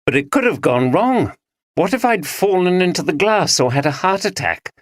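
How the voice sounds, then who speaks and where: A man reading an audiobook voices a cheerful, easily startled middle-aged woman in a lifted, lively tone. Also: lowish voice, moderate pace, no echo, studio quality, voice pushed up, natural voice. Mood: startled, laughing. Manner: lively, exclaiming.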